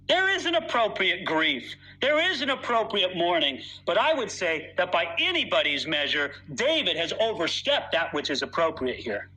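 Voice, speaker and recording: A man's voice: sits high, pushed and bright, rough recording. A man preaching a sermon in an earnest, emphatic way, reading scripture aloud with dramatic weight.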